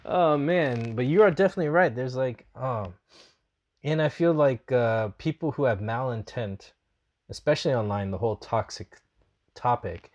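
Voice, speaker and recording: A man's voice: medium pitch, moderate pace, a little mellow, dull audio. A man hosting a casual podcast chat, talking in an earnest, reflective way and laughing often. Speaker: podcast host.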